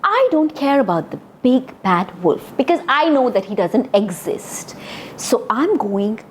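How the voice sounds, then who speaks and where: A woman's voice: fairly high pitch, sing-song, measured pace, slight background noise. Woman playing a snooty headstrong little girl. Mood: defiant. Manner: dismissive, stubborn.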